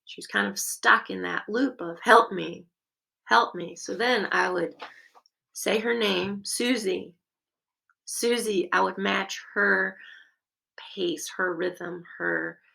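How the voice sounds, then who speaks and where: Woman with a very gravelly, bright voice. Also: medium pitch, slow, rough recording. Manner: gentle, encouraging, expressive with occasional fillers. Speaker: music caregiving educator. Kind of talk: teaching a caregiver workshop.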